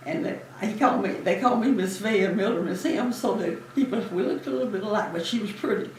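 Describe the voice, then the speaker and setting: A woman's voice: medium pitch, quick pace, slight background noise. A woman in her eighties, a former Navy nurse, telling her memories in an interview, chatty and often laughing. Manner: chatty, warm storyteller who laughs often. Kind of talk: reminiscing interview. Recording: echoey room, distant mic.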